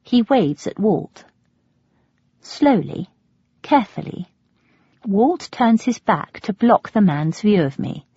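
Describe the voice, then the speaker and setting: A woman with an English accent reading a first-person audiobook in a wry, expressive way. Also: medium pitch, takes it slowly, pauses often, husky, no echo. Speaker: audiobook narrator. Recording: dull lo-fi audio.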